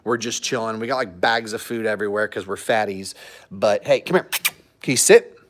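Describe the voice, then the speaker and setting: A man's voice: on the low side, steady tone, brisk, a bit bright. A man vlogging from a hotel room with his dogs, chatty and digressive, joking and giving training tips. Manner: chatty and digressive, jokes, laughs often. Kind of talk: casual vlog with dog training tips.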